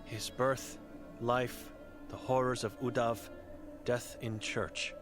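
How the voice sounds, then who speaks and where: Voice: mid-range voice, steady tone, takes it slowly, close to an everyday voice. Ein Sprecher spielt eine finstere, blinde alte Frau, mit Spielmusik. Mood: grim. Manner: terse, broken sentences, solemn. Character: blind mute old woman hermit, grim and cryptic. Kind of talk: video game voice acting. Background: game music.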